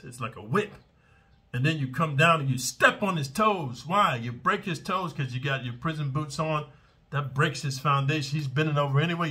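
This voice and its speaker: A man talking bluntly and profanely about prison survival, swaggering, tossing "man" and "dude" into every line and shouting out the sounds of strikes. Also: fairly high pitch, slightly rough. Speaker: ex-convict giving prison survival advice. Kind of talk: unscripted, profane street talk to camera. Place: in Manila.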